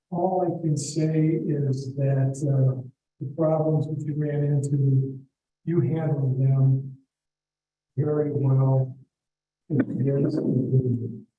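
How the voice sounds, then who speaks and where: Laid back guy, real mellow dark voice, echoey room. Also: mid-range voice, dull audio. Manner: easygoing, halting. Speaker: public commenter. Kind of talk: public comment at a town meeting. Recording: echoey room, distant mic.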